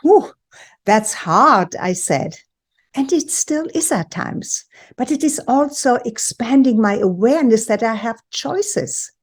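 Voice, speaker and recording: A woman in her sixties from Europe, hosting a personal talk for viewers in a deliberate, emphatic storytelling manner. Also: on the high side, expressive, mellow, husky. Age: 60s. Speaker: host and women's empowerment coach.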